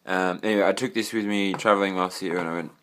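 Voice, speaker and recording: Low-voiced rambling Australian young man. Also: steady tone, fast, fairly bright tone, a little hiss or hum. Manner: rambling, swears casually, trails off with fillers. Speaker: vlogger. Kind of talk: casual rambling room tour. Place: own bedroom.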